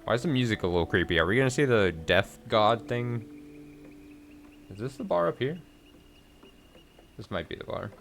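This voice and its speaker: A man with a fairly low voice talks casually over a video game he is playing. He mutters to himself and makes wry, self-mocking asides as he goes along. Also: lively intonation, moderate pace, vocal fry, pauses often, a little hiss or hum. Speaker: let's play streamer. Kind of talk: casual gameplay commentary.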